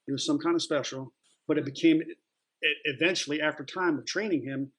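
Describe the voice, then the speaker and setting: A man's voice: fairly high pitch, brisk, rough recording. Plain-spoken middle-aged man. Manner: plain-spoken, loose, many fillers and restarts. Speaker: interview guest, retired Marine. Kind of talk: casual storytelling.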